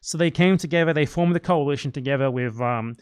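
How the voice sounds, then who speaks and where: A man's voice: on the high side, brisk, clear, resonant tone, no echo. A man giving a casual, rambling livestream rant, sarcastic and profane. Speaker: livestream commentator.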